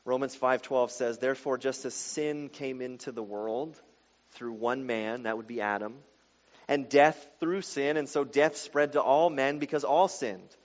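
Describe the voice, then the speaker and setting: A man preaching a sermon, moving between quiet explanation and loud, emphatic passages. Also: medium pitch, unhurried. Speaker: pastor. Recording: dull sound with long hall reverb.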